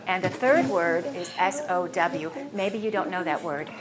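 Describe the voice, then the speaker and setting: A woman teaching English pronunciation, speaking slowly and clearly, saying each word twice. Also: on the low side, crowd noise. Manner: slow, clear modeling of words, repeating each twice. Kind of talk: pronunciation lesson.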